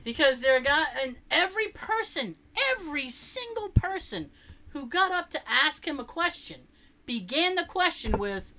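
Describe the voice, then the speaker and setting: A woman with a high, bright voice chats casually and tells a story with energy. Her pitch jumps around a lot as she acts out what other people said, and she laughs often. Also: sing-song, normal speed, slight background noise. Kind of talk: casual chat.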